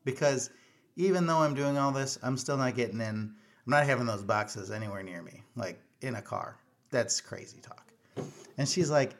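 A man's voice: mid-range voice, moderate pace. Chatty man telling a story. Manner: chatty, self-mocking, with fillers and restarts. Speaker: vlogger. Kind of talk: casual personal storytelling.

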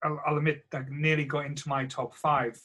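Brief: man, podcast co-host, bright forward tone, relaxed and halting. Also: fairly high pitch, rough recording. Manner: easygoing, hesitant, many fillers. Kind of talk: casual film chat.

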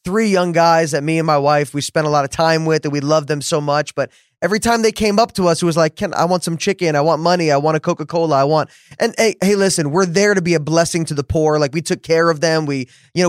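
A man's voice: a little high, steady tone, a little fast, clean tone, no room sound, studio quality. A man hosting a podcast, chatting casually, affirming his guest and telling a story. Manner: affirming, lots of mm-hmms, storytelling. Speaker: podcast host. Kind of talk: casual conversation.

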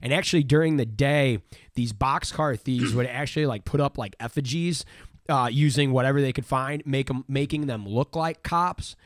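A man's voice: mid-range voice, moderate pace, no room sound. Podcast guy telling old cop stories, lots of uh and restarts, mid voice, dry sound. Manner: rambling, many fillers and restarts. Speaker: podcast host. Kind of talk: casual history chat.

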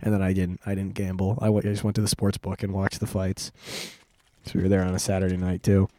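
A man's voice: low voice, completely flat delivery, fast, dark tone. A man in his twenties telling a rambling story on a casual podcast, full of fillers and restarts. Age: 20s. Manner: rambling, lots of fillers and restarts, laughs often. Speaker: podcast host.

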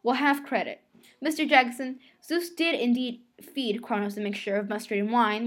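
A woman voicing a stern, exacting middle-aged male teacher in a storybook reading, speaking in a formal, measured way. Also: a little high, natural voice. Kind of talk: storybook read-aloud.

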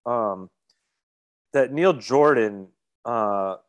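A man co-hosting a casual film podcast, making measured points with many ums and restarts. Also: mid-range voice. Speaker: podcast co-host.

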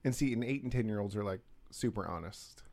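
A man's voice: lowish voice, brisk, vocal fry, a little mellow. A man hosting a casual podcast, joking and blunt, who swears freely. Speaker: podcast host.

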